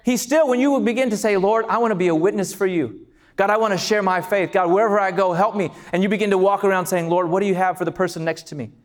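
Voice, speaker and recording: A man preaching a sermon as pastor, passionate and building to shouts on key lines. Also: high-pitched, quick pace. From California.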